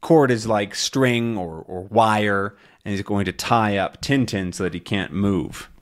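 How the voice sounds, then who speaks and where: A man, an English teacher, patiently explaining a comic story to learners. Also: on the low side. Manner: slow, patient, clear explaining.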